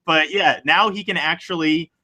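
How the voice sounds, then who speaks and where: A young man hosting a podcast, chatting casually about sports in an excitable, rambling way and laughing easily. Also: fairly high pitch, normal speed. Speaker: podcast host.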